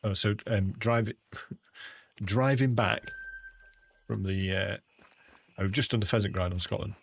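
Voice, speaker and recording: A man's voice: fairly low pitch, fairly even intonation, measured pace, creaky, slight background noise. An English man chatting casually with viewers while livestreaming a hunting game, often calling them mate. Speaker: gaming livestreamer.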